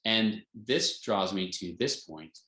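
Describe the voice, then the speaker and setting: A man's voice: fairly low pitch, expressive, slow pace, sharp tone. A man teaching a health class in an informal way, earnest, often chuckling and restarting his sentences with fillers. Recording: roomy echo.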